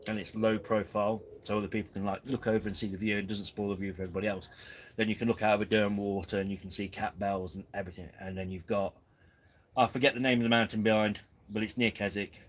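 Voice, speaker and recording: Man, lowish voice, rambling live-stream chat, faint background hiss. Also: steady tone, fast, low-quality recording. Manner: rambling, chatty, self-deprecating. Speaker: camping channel host. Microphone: camera on tripod.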